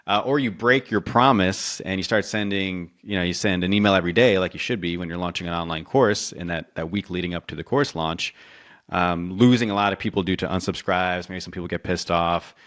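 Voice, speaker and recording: A man with a fairly low voice talks as an interview guest, telling stories animatedly. He often restarts his sentences and acts out what other people say. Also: brisk, a bit bright. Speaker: marketing consultant guest. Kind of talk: casual interview storytelling.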